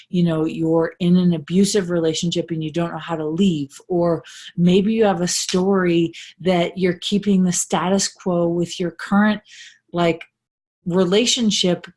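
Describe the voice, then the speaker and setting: A woman with a lowish, slightly mellow voice speaks as a middle-aged life coach. Her motivational talk is casual and earnest, and she repeats phrases for emphasis while tacking "right?" onto her lines again and again.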